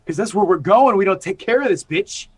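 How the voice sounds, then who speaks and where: An actor in a stage reading playing a ruthless ex-convict burglar with a sneering, tough manner. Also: male voice, sits high, lively intonation, a little fast, slightly rough. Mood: menacing. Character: menacing ruthless male ex-con burglar.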